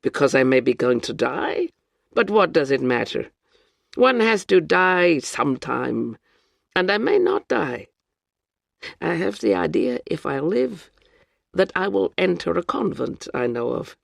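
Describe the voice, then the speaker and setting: A reader doing a worldly Russian woman traveller who talks gravely and matter-of-factly. The voice has a gravelly, creaky edge. It is recorded dry and close, with no room sound. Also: mid-range voice, big pitch swings, a little slow, no room sound, full character voice.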